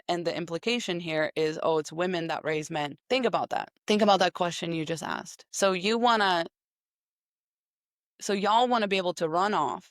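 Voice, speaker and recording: A woman's voice: lowish voice, no echo, clean studio sound. Blunt, sarcastic young woman. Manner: sarcastic, blunt, swears freely. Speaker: commentator reacting to comments. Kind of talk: casual opinion commentary.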